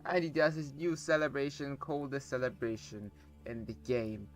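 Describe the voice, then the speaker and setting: A young man commentating a football video game on a borrowed microphone, with excitable play-by-play and rambling asides. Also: medium pitch, moderate pace, faint music behind. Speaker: gaming YouTuber. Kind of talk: casual gameplay commentary. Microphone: borrowed cheap microphone.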